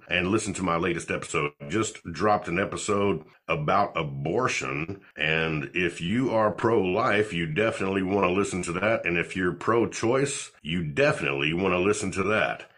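A man, a podcast guest, telling a personal faith testimony in an animated way and acting out the dialogue. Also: sits low, husky.

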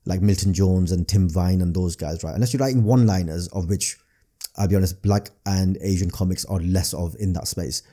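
Fast-talking Northern English man, dark tone. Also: low voice. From Northern England. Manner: rapid, repeats words when restarting. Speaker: comedian guest. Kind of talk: casual podcast chat.

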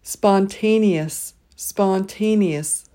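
A woman leading a pronunciation drill, saying each word twice and pausing so listeners can repeat. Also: mid-range voice, dark tone. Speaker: pronunciation teacher.

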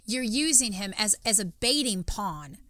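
A woman's voice: medium pitch, animated, a little slow, sharp tone, no room sound. A woman co-hosting a Christian podcast, speaking in an emphatic, preachy way and often repeating words as she starts sentences. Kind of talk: faith-based conversational teaching.

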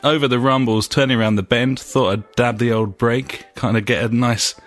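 A man's voice: medium pitch, steady tone, moderate pace, faint music behind. A man from England hosting a casual gaming podcast, joking sarcastically and swearing freely. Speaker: podcast host.

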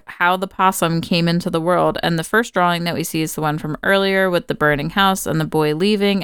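A woman's voice: on the low side, smooth, no room sound, studio quality. A woman co-hosting a podcast, casually recapping a film from her notes, chatty, laughing often and swearing freely. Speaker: podcast co-host. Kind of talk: casual movie recap chat.

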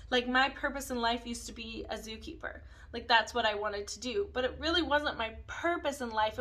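Woman, thirties, podcast host, rambling, self-reflective, bright tone. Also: a little high, poor audio. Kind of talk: casual personal monologue.

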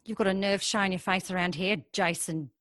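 A woman playing a hostile, sharp-tongued cafe owner in an improvised comedy soap. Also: mid-range voice, fairly even intonation, a little fast, natural voice. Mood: snappy. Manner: scornful, snappy.

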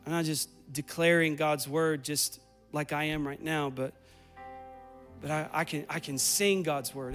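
High-voiced man preaching a sermon. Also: fairly bright tone. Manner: preaching with rising intensity and repetition. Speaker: pastor. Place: church sanctuary.

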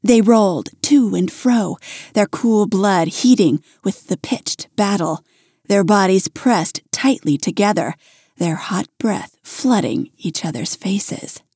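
Slow, mellow woman storyteller. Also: mid-range voice, lively intonation, breathy edge, dry recording, clean studio sound. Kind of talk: erotic story narration.

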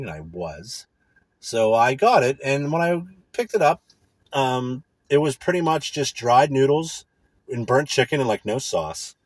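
Man, profane indignant rant, husky voice, dry close sound. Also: medium pitch, dry recording. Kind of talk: casual ranting monologue.

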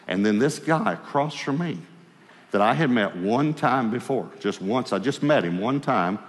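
A man's voice: normal speed, big-room sound. A man preaching a sermon, telling a personal story and acting out the dialogue in it. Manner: animated storyteller, acts out dialogue, dropping low and quiet for God's voice.

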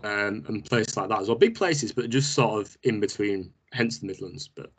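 A young man with a Northern English accent chatting with a friend. His voice swings widely in pitch and has a slightly husky grain. He talks in quick slang and puts on playful outrage. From Northern England. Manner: animated banter, mock outrage, slangy. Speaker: podcast co-host. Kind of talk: casual chat.

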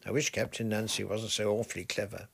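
A man's voice: fairly low pitch, fairly even intonation, brisk, vocal fry, a bit bright, slightly rough, full character voice. A man voicing a thoughtful, imaginative young girl who speaks wistfully.

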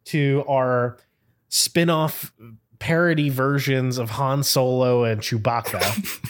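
A man's voice: mid-range voice, fairly even intonation, slow pace. A man co-hosting a casual podcast, telling a story in a rambling way, with frequent "like" fillers and bursts of laughter. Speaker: podcast co-host.

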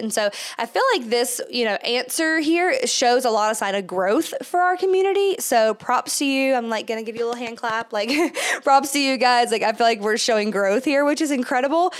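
A woman's voice: on the high side, lively intonation, fairly quick. Chatty, slightly breathless woman podcaster. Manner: chatty, filler-heavy, laughs often. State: stuffed-up nose. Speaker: podcast host. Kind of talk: casual solo podcast talk.

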